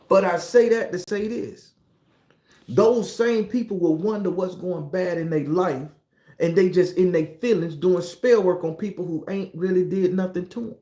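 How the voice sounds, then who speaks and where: A man, a tarot reader, ranting in a casual monologue in a profane, animated, preachy way. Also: sits high, moderate pace, roomy sound.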